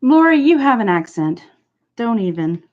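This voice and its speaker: A woman's voice: fairly high pitch, sing-song, normal speed, dull audio. A woman hosting a livestream, chatting casually and answering viewers one by one. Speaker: livestream host. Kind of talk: casual chat.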